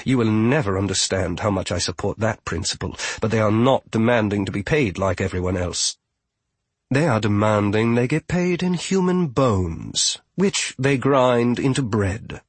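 A man's voice: lowish voice, lively intonation, normal speed, breathy edge, no room sound. A man voicing a haughty, bossy female witch in a storybook, prim and imperious. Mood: lecturing.

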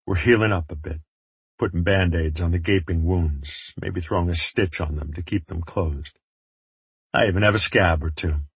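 A man voicing a gruff, hard-drinking male friend with a gravelly voice and a blunt, teasing manner, read as part of an audiobook. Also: deep voice, moderate pace, no room sound, exaggerated voice. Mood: wistful.

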